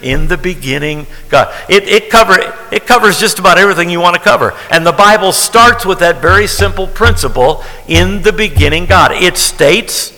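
A man's voice: high voice, expressive, normal speed, few pauses, bright, forceful tone, long reverb tail, poor audio. A man preaching a sermon as pastor, talking in a conversational way and repeating key phrases for emphasis.

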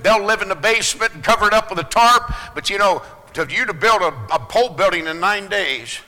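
Male pastor preaching in a church hall, high and sharply bright, loud bursts and quiet asides. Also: expressive, fairly quick. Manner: swings between loud preaching and hushed low asides. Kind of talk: sermon. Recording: long hall reverb.

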